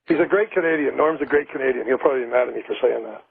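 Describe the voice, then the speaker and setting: A man calling in to a radio show who plays along good-naturedly with the banter and tells a quick joke. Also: medium pitch, vocal fry. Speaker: guest calling in. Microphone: phone. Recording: tinny phone line.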